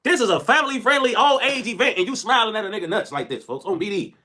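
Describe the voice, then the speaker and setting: A young man who tells stories and jokes on a live stream, animated and profane, saying "folks" constantly. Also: sits high, fast. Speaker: livestreamer. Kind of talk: storytelling and joking on a live stream.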